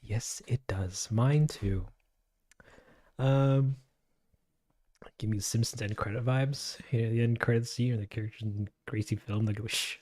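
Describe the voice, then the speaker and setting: A man's voice: mid-range voice, steady tone, measured pace, pauses often, warm tone, no room sound. A man chatting casually on a livestream to his viewers, rambling, giggling and poking fun at himself as he answers comments. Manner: rambling, giggly, self-deprecating.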